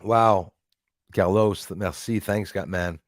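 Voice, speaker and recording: A man's voice: low-pitched, slow. A man hosting a casual live stream, rambling as he reads out and thanks viewers in the chat. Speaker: livestream host.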